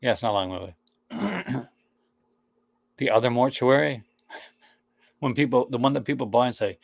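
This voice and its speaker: Creaky-voiced chatty man from Newfoundland. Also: mid-range voice, expressive, unhurried, pauses often, no room sound. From Newfoundland, Canada. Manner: joking, chatty, many fillers. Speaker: live stream co-host. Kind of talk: casual chat.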